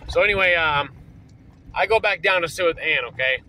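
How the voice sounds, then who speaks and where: A man's voice: fairly high pitch, fairly quick, sharp tone, a little hiss or hum, poor audio. A man telling a story casually, rambling and swearing, with lots of fillers, recorded in a parked vehicle. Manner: rambling, profane, full of fillers. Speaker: vlogger.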